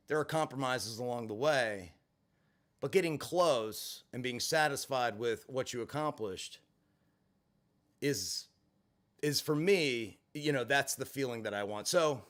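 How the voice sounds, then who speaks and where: A man hosting a livestream, telling a story in a casual, blunt and profane way, swinging from flat to heated. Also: medium pitch, slow pace, long pauses. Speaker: livestream host.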